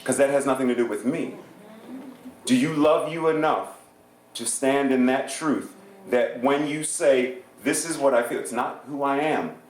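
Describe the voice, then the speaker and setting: A man preaching a sermon as a guest minister, animated and playful, often laughing as he speaks. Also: mid-range voice, a little slow, slight background noise. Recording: echoey church hall.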